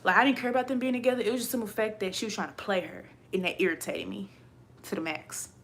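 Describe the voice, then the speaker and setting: Speaking to her viewers in a casual vlog, a woman with a mid-range voice rants bluntly and profanely. She's animated and quick to laugh.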